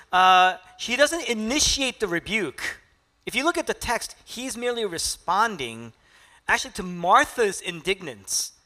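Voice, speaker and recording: A man preaching a sermon, emphatic, building rhetorical lists and swinging between loud peaks and hushed drops. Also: on the high side.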